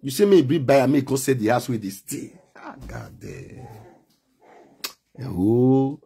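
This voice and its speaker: A man with a Nigerian Pidgin accent hosting a live stream, loudly calling out to his viewers. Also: medium pitch, takes it slowly, gravelly, husky. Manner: calls out loudly to viewers, animated.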